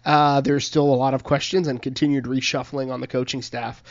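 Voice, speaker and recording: A man co-hosts a casual sports talk show with a mid-range voice. He gives measured, reflective commentary. The sound is dry and dull, with no room around it. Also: medium pitch, flat delivery, no room sound. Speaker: sports podcast co-host.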